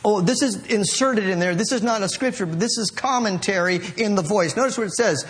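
Emphatic high-voiced preacher man. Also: fairly bright tone. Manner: emphatic, slows down and rises when reading scripture aloud; repeats and restarts phrases, calls on the congregation to respond. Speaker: pastor. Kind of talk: sermon.

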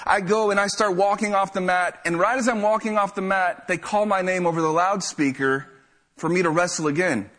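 A young man telling a lively, self-mocking story to a live audience. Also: high voice, brisk.

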